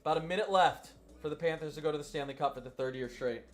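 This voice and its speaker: A young man hosting a live weather stream, chatting casually and excitably, with lots of "like" fillers. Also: on the high side, fast talker, faint music behind. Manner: chatty, excitable, heavy use of "like". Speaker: weather livestream host.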